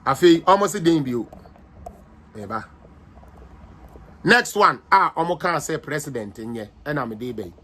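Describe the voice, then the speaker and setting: A man's voice: mid-range voice, a bit bright. A Ghanaian-accented man hosting a livestreamed political commentary, combative and mocking as he switches between languages.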